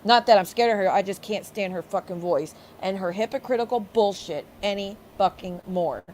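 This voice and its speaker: A woman's voice: medium pitch, normal speed, a little mellow, a little hiss or hum. A woman hosting a livestream, ranting angrily with heavy profanity and sarcastic mockery. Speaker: streamer host. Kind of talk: livestream rant.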